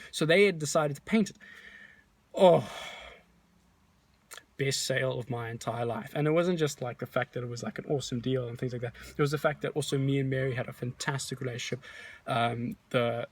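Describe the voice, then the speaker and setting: A man, a real estate agent, casually tells a story in a vlog, rambling and restarting as he talks. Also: mid-range voice. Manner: animated, rambling retelling with many restarts.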